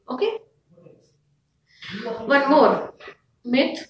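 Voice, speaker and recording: A woman's voice: high-pitched, normal speed, long pauses, reverberant, recorded from a distance, a little hiss or hum, low-quality recording. A woman with an Indian English accent, explaining exam tips in a firm, instructive way, with frequent fillers. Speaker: IELTS teacher. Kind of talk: explanatory lesson to camera.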